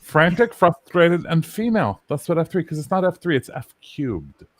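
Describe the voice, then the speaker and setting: A man's voice: fairly high pitch, sing-song, moderate pace, no room sound. A man hosting a casual, joking chat with friends, exclaiming and swearing often. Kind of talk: casual banter among friends.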